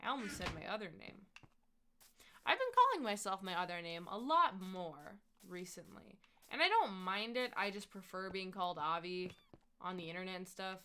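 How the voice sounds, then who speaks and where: A woman's voice: mid-range voice, very animated, normal speed, pushed and bright, a little hiss or hum. A young woman from the US Midwest chatting casually on a gaming live stream, rambling through stories and talking to game animals as she plays.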